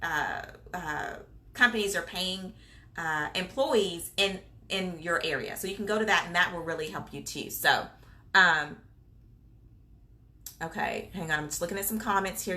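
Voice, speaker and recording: With a lowish, creaky voice that sounds pushed and bright, this woman runs a laid-back live-stream Q&A as a childcare business coach. She's talkative and supportive, uses many fillers, and reads out comments from viewers.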